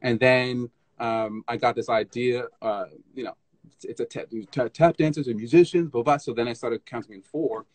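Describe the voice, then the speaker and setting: A man as guest in a casual live interview, an animated storyteller who scats rhythms and restarts often, on a phone stream. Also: medium pitch, moderate pace, no room sound. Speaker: guest tap dancer.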